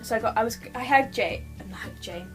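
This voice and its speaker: A woman's voice: fairly high pitch, brisk, faint music behind. A young British woman telling a personal story to her camera at home, gushing and rambling with lots of restarts. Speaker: vlogger.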